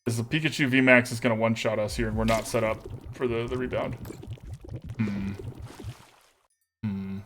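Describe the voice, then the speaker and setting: A man's voice: lowish voice, fairly even intonation, moderate pace, pauses often, fairly bright tone, slight background noise. A young man streaming a card game, thinking aloud and humming to himself as he weighs each play. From Texas. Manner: thinks aloud, mutters and hums while weighing plays.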